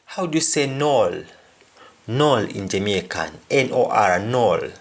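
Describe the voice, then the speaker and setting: A man gives a spoken language lesson at a slow, measured pace. He says each example phrase twice before explaining what it means. His delivery is deliberate and patient. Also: medium pitch, expressive. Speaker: language teacher.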